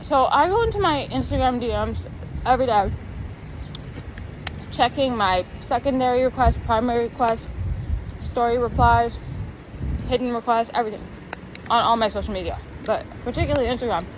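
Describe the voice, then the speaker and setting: A young woman vlogger telling a casual storytime rant, animated and exasperated, rambling with many fillers. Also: on the high side, normal speed, pauses often, slight background noise, poor audio.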